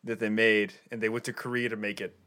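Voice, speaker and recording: A man co-hosting a film podcast in casual chat, deadpan, blunt and crude. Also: lowish voice, quick pace, smooth. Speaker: podcast co-host.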